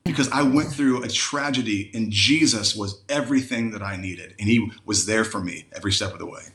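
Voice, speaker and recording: A man's voice: on the low side, a little fast, a bit bright, echoey room. A man, a Christian musician, earnestly telling a personal faith testimony on a live video-call panel. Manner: earnest, heartfelt storytelling.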